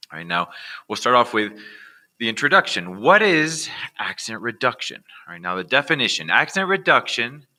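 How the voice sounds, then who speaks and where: Bright-voiced American man teaching pronunciation. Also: fairly low pitch. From United States. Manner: casual, repeats "all right" as a check-in with viewers. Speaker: accent reduction teacher. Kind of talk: recorded online lesson.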